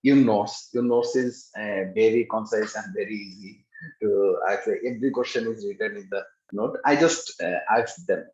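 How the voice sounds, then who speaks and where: A man with a low voice talks through his exam experience, stopping often to search for words. His call audio sounds dull and roomy, as if from a bare room. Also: a little mellow. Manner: halting, many pauses and fillers. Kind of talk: casual interview over a video call. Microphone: video call.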